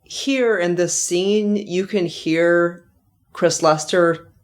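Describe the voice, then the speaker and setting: A woman's voice: fairly low pitch, fairly even intonation, extremely slow. A middle-aged woman, an author hosting her own podcast, reflecting in a chatty way and laughing now and then. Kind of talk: casual author commentary.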